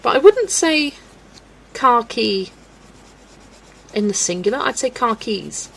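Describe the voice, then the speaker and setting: Giggly chatty woman with vocal fry. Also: on the high side, big pitch swings, slow, a bit bright, rough recording. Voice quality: gravelly creak in the voice. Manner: giggly, rambling, chatting with viewers while colouring. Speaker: colouring livestream host. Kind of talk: casual live-stream chat.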